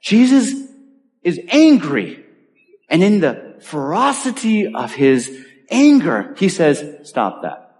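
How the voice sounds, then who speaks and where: A man preaching a sermon in an earnest, conversational way, with pauses and restarts. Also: sits high, very animated, darkish tone. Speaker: pastor. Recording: long hall reverb.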